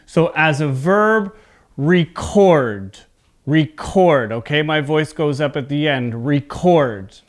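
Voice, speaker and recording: A man gives an English pronunciation lesson with a slightly raised pitch and very slow pacing. His voice is smooth and crisp, and he enunciates carefully, repeating each word so students can copy it. He sounds like a teacher recording a lesson for video. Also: animated, a bit bright.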